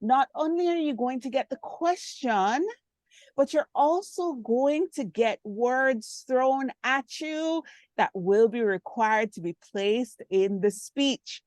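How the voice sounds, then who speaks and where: A woman's voice: sits high, slow pace, a little mellow, dry recording. A woman hosting an online speaking game on a video call, upbeat and teasing. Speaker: meeting host running a speaking game. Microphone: computer mic on a video call.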